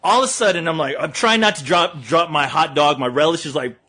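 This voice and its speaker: A man's voice: a little high, fairly quick, sharp tone. A man who reviews movies, telling a story in casual podcast chat and laughing often as he talks.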